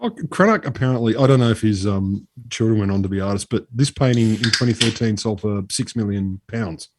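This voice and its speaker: Low, mellow man telling a story. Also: fairly quick, no room sound. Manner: chatty, swears freely, drops into mock voices. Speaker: podcast co-host. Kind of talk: casual chat, storytelling.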